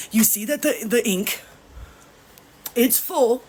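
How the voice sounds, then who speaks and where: A woman's voice: on the high side, takes it slowly, darkish tone, slight background noise. A young woman ranting furiously while crying, swearing heavily and repeating herself. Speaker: printer owner venting on video. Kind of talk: angry crying rant.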